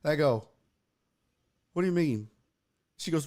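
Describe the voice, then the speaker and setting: A man's voice: a little high, fairly quick, pauses often. A man from Texas, hosting a podcast and telling a story in a casual, profane, ranting way. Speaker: host.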